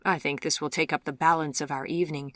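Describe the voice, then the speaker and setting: Woman doing a proper, skeptical gentleman. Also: a little high, little pitch movement, quick pace, dry recording, clean studio sound. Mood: wry. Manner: polite but dismissive, formal phrasing. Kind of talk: audiobook character voice.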